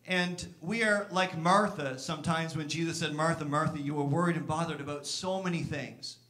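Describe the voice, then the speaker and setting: A man's voice: moderate pace, fairly bright tone. A pastor preaching a sermon in church, earnest, sometimes acting out the complaints of the people he speaks about. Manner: earnest, acts out Martha's complaints with raised pitch.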